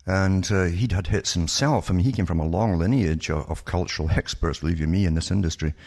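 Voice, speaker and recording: A man's voice: low-pitched, brisk, darkish tone. An older man, a radio guest, telling stories from his past in a knowing, matter-of-fact way. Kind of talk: conversational radio interview.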